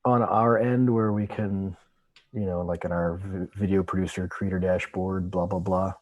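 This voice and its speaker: A man's voice: low voice, fairly even intonation, normal speed, dry recording. A man hosting a tech livestream over a video call, chatting in an easygoing, joking way. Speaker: livestream host. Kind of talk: casual chat.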